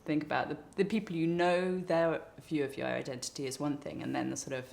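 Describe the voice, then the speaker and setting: Creaky-voiced woman, thoughtful. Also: low voice, flat delivery, a little fast, a little mellow. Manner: thoughtful, wandering, with restarts. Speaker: interviewee, artist. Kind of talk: reflective interview talk.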